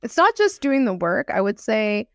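A woman co-hosting a podcast in casual chat, animated, with quick laughs and lots of fillers. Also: fairly high pitch, no echo, studio quality. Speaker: podcast co-host.

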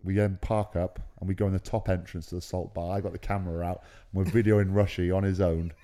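Deep mellow man. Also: little pitch movement, fast talker. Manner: laid-back, chatty, matey. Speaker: podcast co-host. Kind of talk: casual storytelling chat.

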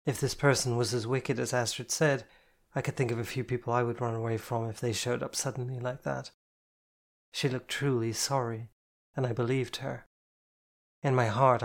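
A man reading a novel aloud in the first person, in a plain, steady storytelling voice. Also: medium pitch. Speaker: audiobook narrator.

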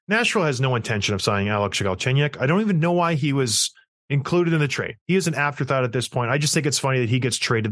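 A man co-hosting a casual hockey podcast, telling stories in an animated, ranting way. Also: medium pitch, dry recording, clean studio sound. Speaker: podcast co-host.

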